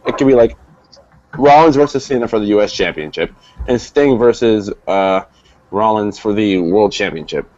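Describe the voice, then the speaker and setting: A man's voice: fairly low pitch, normal speed, a little mellow, no echo, muffled recording. A man co-hosting a casual wrestling review, explaining and speculating about storylines. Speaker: co-host. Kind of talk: casual chat.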